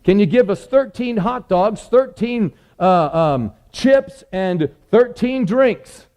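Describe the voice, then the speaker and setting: A harried mother rattling off a big food order, as a man voices her in his story. Her voice is pitched well up from his own and climbs as she lists, eager and a little scattered. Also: expressive, takes it slowly, darkish tone. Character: harried mother with a vanload of kids.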